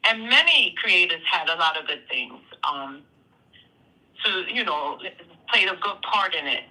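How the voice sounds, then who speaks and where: A speaker with a piercingly bright, sharp-edged voice talks on a live call-in stream. They weigh their words, pausing often on fillers before pressing a point. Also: medium pitch, expressive, low-quality recording. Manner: hesitant, measured, full of "you know" and "um". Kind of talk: casual chat.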